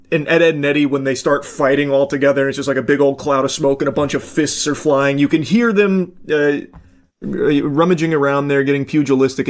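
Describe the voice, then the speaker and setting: Blunt casual male reaction commentator. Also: on the high side. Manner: blunt, casual, with frequent fillers.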